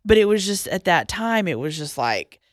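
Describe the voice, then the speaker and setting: A young woman telling a personal story as a podcast guest, halting, with restarts and pauses, going quiet at the hardest parts. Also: on the low side, big pitch swings, no room sound, studio quality. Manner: halting, with frequent restarts and trailing-off lines, dropping quiet at hard moments.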